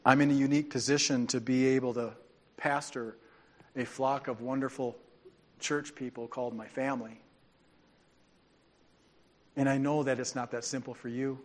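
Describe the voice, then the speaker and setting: A man preaching a sermon as pastor, speaking in an animated, informal way with restarts and asides. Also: medium pitch, moderate pace, pauses often. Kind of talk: conversational sermon.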